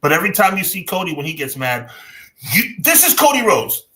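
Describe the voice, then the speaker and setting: A man co-hosting a wrestling podcast, talking in an animated, opinionated way and repeating himself for emphasis. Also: sits high, brisk, poor audio. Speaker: podcast co-host. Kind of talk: casual wrestling podcast chat.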